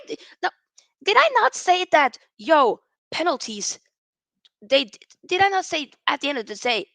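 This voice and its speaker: A woman's voice: on the high side, fairly bright tone, no echo. A woman hosting a live football reaction stream, ranting with exasperation and reading out viewer chat comments. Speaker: football channel host.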